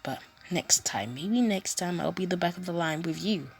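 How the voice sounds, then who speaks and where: A woman's voice: fairly low pitch, expressive, moderate pace, creaky. A woman voicing an aggressive teenage bully boy with a taunting, sneering manner.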